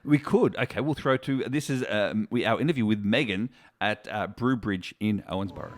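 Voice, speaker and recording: A man's voice: lowish voice, moderate pace, hardly any pauses, no room sound. A man, co-hosting a podcast in chatty, laughing banter that is full of restarts. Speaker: podcast co-host. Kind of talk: casual chat.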